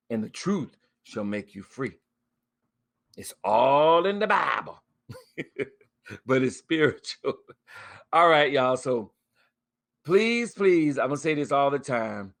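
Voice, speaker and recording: A man hosting a live spiritual talk, speaking casually and preaching about fear, with scripture quotes and soft laughs. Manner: pitch swings up and down a lot on emphasis. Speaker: host of a spiritual talk stream. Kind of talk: casual spoken encouragement. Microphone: webcam or phone mic, live stream.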